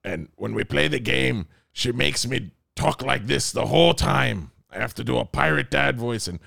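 A man co-hosting a podcast in casual, joking chat, animated and quick to slip into silly voices. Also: mid-range voice, vocal fry, no room sound, studio quality. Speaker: podcast co-host.

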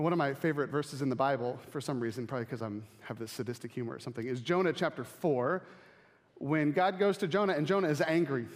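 A pastor preaching to his congregation in a conversational, animated way, acting out quick quotes. His voice sits a little high for a man. The sound carries a long reverb from a large hall. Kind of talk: sermon.

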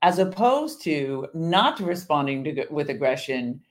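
A woman co-hosting a podcast, chatting casually and explaining her points in a measured way. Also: low-pitched, sing-song. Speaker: podcast co-host. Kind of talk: casual chat.

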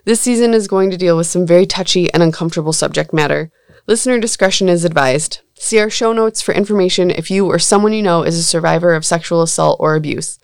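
A woman's voice: on the low side, fast talker, creaky, clean tone, no room sound, studio quality. A woman hosting a podcast in casual chat, chatty and blunt, with a sarcastic edge and frequent laughter. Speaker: podcast host.

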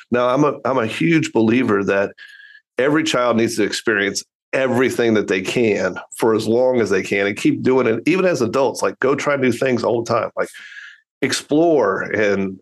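A middle-aged man, a father and coach, earnestly and reflectively telling stories as a podcast guest. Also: fairly low pitch. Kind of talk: casual conversational storytelling.

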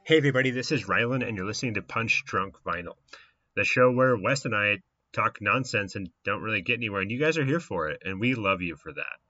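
A man's voice: fairly low pitch, animated, fast, bright, forceful tone, dry recording, dull audio. A man co-hosting a podcast, chatting casually and rambling with lots of fillers. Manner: easygoing, rambling with frequent fillers. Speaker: podcast co-host.

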